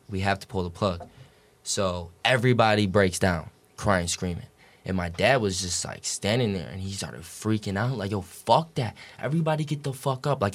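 This young adult man has a fairly low, slightly bright voice. Appearing as a podcast guest, he rambles casually through his story, cursing often and leaning heavily on "like" and "dude."

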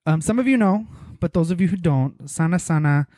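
A man co-hosting a casual podcast chat, his pitch swinging widely as he talks and laughs. The sound is dry and close, with no room around it. He often breaks off and restarts his sentences. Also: expressive, fairly quick, warm tone, dry recording. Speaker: podcast co-host.

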